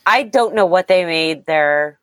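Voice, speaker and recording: A woman's voice: lowish voice, animated, a little slow, fairly bright tone, no room sound. A woman chatting as a podcast guest, enthusiastic and talkative, with frequent "like" and "um" fillers. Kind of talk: casual chat.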